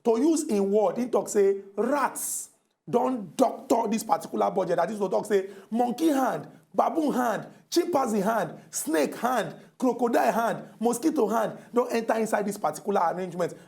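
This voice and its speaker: A man's voice: sits high, expressive, moderate pace, vocal fry, darkish tone. A man with a Nigerian Pidgin accent hosting a heated TV political debate, combative and theatrical. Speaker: TV talk show host.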